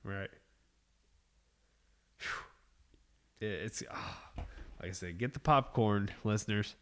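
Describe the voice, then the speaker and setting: A man with a fairly low voice talks slowly as a podcast co-host. He stays laid-back, mostly answering with short replies and a casual swear here and there. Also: fairly bright tone.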